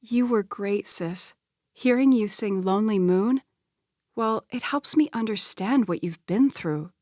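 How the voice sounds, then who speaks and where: A woman's voice: mid-range voice, measured pace, darkish tone, no room sound, studio quality, lightly acted. A woman reading an audiobook, voicing an earnest, apologetic young woman. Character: spirited, apologetic young twin sister.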